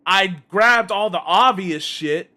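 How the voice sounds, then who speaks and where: A man's voice: high-pitched, slow pace, sharp tone. A man streaming a game, telling a long exasperated story full of swearing in a casual rant. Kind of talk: casual rant while gaming.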